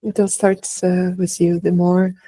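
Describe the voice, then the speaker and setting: A woman interviewing a yoga teacher, asking calm, measured questions. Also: lowish voice, no echo.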